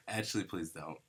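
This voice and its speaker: A young man co-hosting a casual podcast, teasing and deadpan, often bursting into laughter. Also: sits low, background noise. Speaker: podcast co-host. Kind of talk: casual chat.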